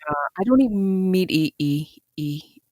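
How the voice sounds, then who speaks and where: A woman's voice: on the low side, lively intonation, measured pace, dark tone, dry recording, clean studio sound. A woman co-hosting a casual podcast, easygoing, often stammering and repeating words as she talks. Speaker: podcast co-host. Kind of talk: casual chat.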